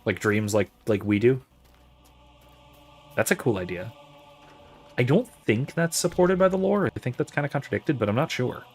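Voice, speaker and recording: A man's voice: medium pitch, lively intonation, normal speed, long pauses, soft background music. A man hosting a let's-play, reading out chat and thinking aloud about the game's lore, often restarting his sentences. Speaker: host of a let's-play and discussion series. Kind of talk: livestream commentary while gaming, reading out chat.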